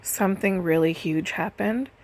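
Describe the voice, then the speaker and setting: A woman's voice: on the low side, normal speed, a little mellow. A woman doing a casual storytelling voice-over, chatty and full of "like" and "literally". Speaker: nail and lash technician telling stories. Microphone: voice-over recorded separately.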